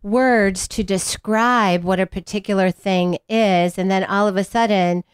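A woman's voice: mid-range voice, steady tone, unhurried, smooth, dry recording, studio quality. A woman hosting a casual conversation, agreeing readily and building on others' points.

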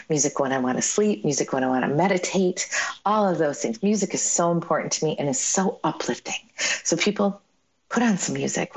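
A middle-aged woman with a low-pitched voice hosts a motivational radio show. She speaks in an upbeat, emphatic way, urging listeners on with warm encouragement.

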